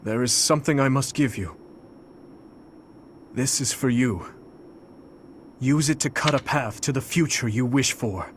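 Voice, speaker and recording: An actor voicing a solemn young adult prince in a video game, speaking earnestly. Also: male voice, medium pitch, a little slow, long pauses, noisy background, lightly acted.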